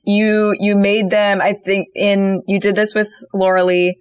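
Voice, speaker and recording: Woman player, mid-pitched, reflective and appreciative chatter, dry close recording. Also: little pitch movement, a little slow, clean tone, dry recording. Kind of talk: casual podcast chat.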